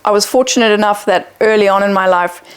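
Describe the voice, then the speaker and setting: A woman's voice: medium pitch, steady tone, fast, clean tone. A woman with a Zimbabwean accent, a podcast guest speaking candidly and reflectively in casual chat.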